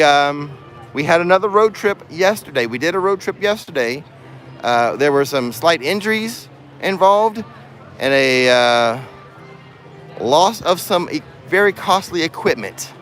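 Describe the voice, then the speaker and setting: A man's voice: on the high side, animated, a little slow, a bit bright. A man hosting a casual livestream from a theme park, chatting and joking with his viewers. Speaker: vlogger host. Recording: music playing clearly behind.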